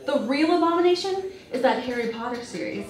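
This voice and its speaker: A woman playing a grumpy, sharp-tongued witch who snaps sarcastic remarks. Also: sits high, expressive, brisk, reverberant, faint music behind. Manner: sarcastic, snappy.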